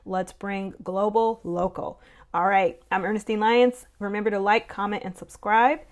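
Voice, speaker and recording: A woman's voice: medium pitch, steady tone, moderate pace. A woman talking through history in a casual vlog, conversational and rambling with lots of fillers. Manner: conversational, rambling, many "you know" and "um" fillers. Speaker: history vlogger.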